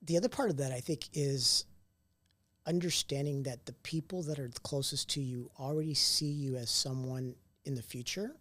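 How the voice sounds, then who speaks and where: A man telling stories in an interview, casual and animated, acting out what others said to him. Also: medium pitch, moderate pace. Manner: animated storyteller who acts out quoted dialogue; casual, occasional mild swearing. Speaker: entrepreneur guest. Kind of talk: conversational storytelling interview.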